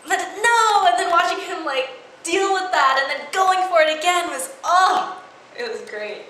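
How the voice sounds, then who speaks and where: Brief: young woman, acting student, giggly rambling chat, bright voice, echoey room. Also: very high voice, lively intonation, normal speed. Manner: giggly, rambling with many fillers. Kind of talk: casual chat. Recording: echoey room with faint noise.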